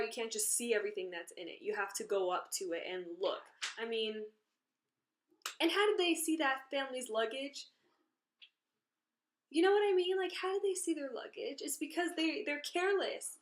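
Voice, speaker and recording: A woman casually telling a story about something that happened to her, in an indignant, animated way. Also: on the high side. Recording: roomy echo.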